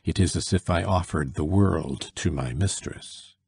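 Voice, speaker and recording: A man's voice: deep voice, a little slow, creaky, darkish tone, husky, full character voice. A male reader voicing an anguished young nobleman who pleads with his dying father in a raised, urgent voice. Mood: scornful.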